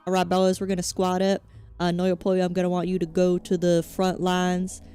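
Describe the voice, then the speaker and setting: A woman's voice: lowish voice, monotone, normal speed, warm tone, smooth, natural voice. A woman with a Southern American accent putting on a blustering middle-aged male football coach from Alabama, with a rambling, folksy pep-talk delivery.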